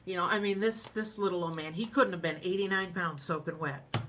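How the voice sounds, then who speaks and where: A middle-aged woman from the United States chatting casually to her viewers, telling a story with frequent laughs and a calm, frank manner. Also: fairly low pitch, a little fast, a little hiss or hum. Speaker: vlogger.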